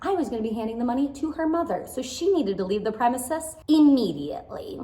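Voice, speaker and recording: Expressive woman in echoey playroom. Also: on the high side, a little fast. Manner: chatty, expressive storytelling. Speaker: playroom business owner. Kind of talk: storytime vlog. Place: indoor playroom, at her desk. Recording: echoey indoor room.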